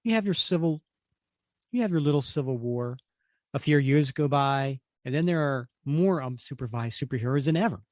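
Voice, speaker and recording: A man's voice: mid-range voice, lively intonation, moderate pace, darkish tone, no echo, clean studio sound, natural voice. A man voicing a cold female villain delivering an accusing monologue. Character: cold anti-hero woman villain.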